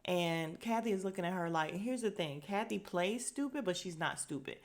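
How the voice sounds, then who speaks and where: Sassy, animated woman host. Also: lowish voice, normal speed. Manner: animated, sassy, acts out quotes. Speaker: podcast host recapping a reality show. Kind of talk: casual recap chat.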